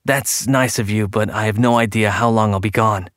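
A worried young man talks in a soft, anxious way, read by a male narrator in his own lowish voice. The sound is close and dry, as in a quiet booth. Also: steady tone, normal speed, dry recording, natural voice. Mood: earnest. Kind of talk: audiobook character reading.

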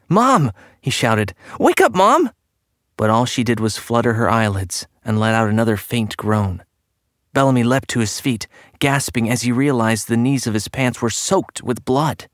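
A man reading a story aloud as narrator, in a measured storytelling manner that turns tense and hushed. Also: medium pitch, no room sound, studio quality. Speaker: audiobook narrator. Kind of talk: scripted narration.

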